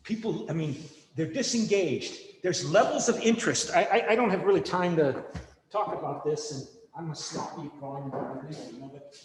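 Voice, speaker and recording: A man teaching a class over a video call, speaking in an animated way and sometimes mocking others in a high put-on voice. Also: normal speed, slight background noise. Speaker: professor. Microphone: computer mic on a video call. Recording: echoey, roomy, distant mic.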